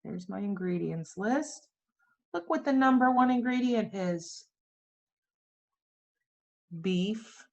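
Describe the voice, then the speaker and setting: A woman's voice: medium pitch, lively intonation, slow pace, creaky, long pauses, a little mellow, muffled recording. A woman teaching a class in a playful way, firing questions at her students and tossing in jokey asides. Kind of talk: classroom lecture.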